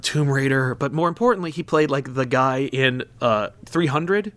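A man co-hosting a casual movie-review podcast, animated and riffing, swearing freely. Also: medium pitch, moderate pace, no echo. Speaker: podcast co-host.

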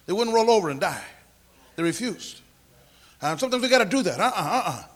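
Briskly and in a high voice, a pastor delivers his sermon, guiding a prayer and explaining scripture while tossing in lively asides and often clearing his throat.

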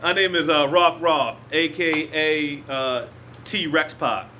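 A man's voice: a little high, fairly even intonation, slow. A man co-hosting a casual podcast, loose and joking, laughing a lot. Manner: loose, laughing, shouting hype calls. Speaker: podcast co-host. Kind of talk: casual chat. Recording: faint background noise.

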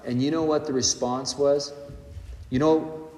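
Male pastor preaching to a congregation, higher voice, echoey church hall with long reverb. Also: unhurried. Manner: animated preaching, rising and dropping in loudness. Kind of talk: sermon.

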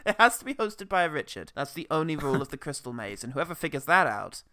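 Podcast host: man, lively pitch, sweary casual banter. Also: fast talker, dry recording. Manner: sweary, laughing. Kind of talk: casual chat.

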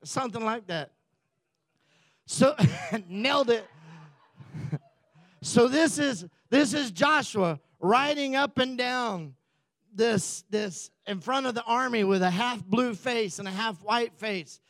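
Brief: male pastor preaching a sermon in a relaxed, joking, storytelling manner, high voice, dry sound. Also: slow pace, pauses often, no echo.

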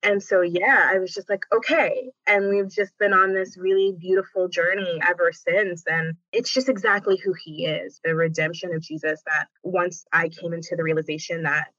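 A woman guest with a bright, forceful voice tells her story with dramatic flair. The sound is dry and close, but a little dull and lo-fi. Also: lowish voice, level tone, normal speed, hardly any pauses, no room sound. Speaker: podcast guest. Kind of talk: casual faith conversation.

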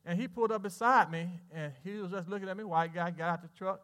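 A male pastor, preaching a sermon and telling a story with lively animation. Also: high voice, quick pace. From Southern United States. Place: church sanctuary.

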